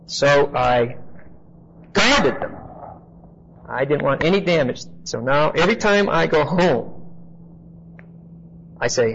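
A man teaching a Bible class in a conversational way. He spells out word meanings slowly, repeats key phrases and asks his listeners questions. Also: on the high side, expressive, a bit bright, a little hiss or hum. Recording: muffled lo-fi recording.

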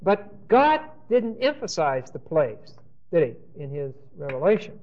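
A man's voice: fairly high pitch, very animated, unhurried. A man teaching a Bible class, thinking aloud with restarts and often checking in with "Okay?". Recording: dull lo-fi recording.

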